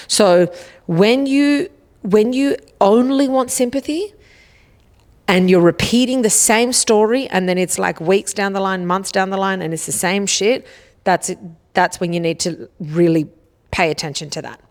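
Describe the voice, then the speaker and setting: Casual woman giving advice. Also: mid-range voice. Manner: casual, swears freely, frequent "okay?" check-ins. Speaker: podcast host. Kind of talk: solo podcast monologue, self-help advice.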